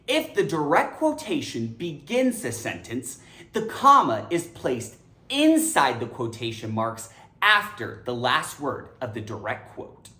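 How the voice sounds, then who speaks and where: A woman's voice: a bass voice, very animated, unhurried, sharp tone. A woman teaching English grammar, upbeat and emphatic in a teacherly way. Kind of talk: educational explainer. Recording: echoey room.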